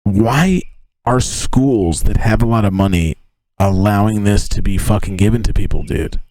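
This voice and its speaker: This livestreamer, a man in his thirties, has a lowish voice at a normal speed, recorded dry inside a tent. He rambles cheerfully through profane, lively anecdotes.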